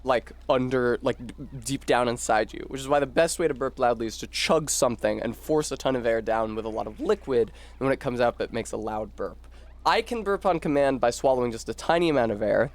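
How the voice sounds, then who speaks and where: A man's voice: mid-range voice, expressive, normal speed. A man casually rambling and joking while streaming a video game, swearing now and then. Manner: rambling, wry, profane. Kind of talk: casual gaming commentary.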